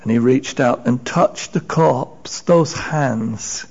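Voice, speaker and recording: A man's voice: mid-range voice, takes it slowly, creaky, hardly any pauses, darkish tone, husky, lo-fi sound. A man preaching a sermon, retelling Bible stories with emphasis and acted-out voices. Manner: storytelling, acting out voices, rising and falling emphasis.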